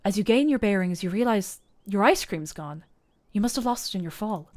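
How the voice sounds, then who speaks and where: A young woman streaming from home, reading a story game's narration into a desk mic with expressive, animated delivery. Her voice sits in a middle range, with faint music playing under it. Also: medium pitch, brisk. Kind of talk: reading game narration aloud.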